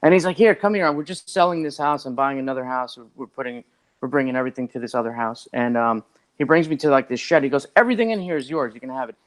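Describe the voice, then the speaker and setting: A man who is a podcast guest, telling a long story in a rambling, animated way and acting out what other people said. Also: mid-range voice, fast. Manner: rambling and animated, acts out others' lines, many "like" fillers. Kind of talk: casual storytelling.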